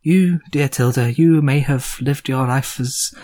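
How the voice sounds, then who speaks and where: A man voicing a slow, solemn and wise mentor figure in a tabletop game. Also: mid-range voice, dark tone, natural voice. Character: wise gentle male mentor figure Gorm.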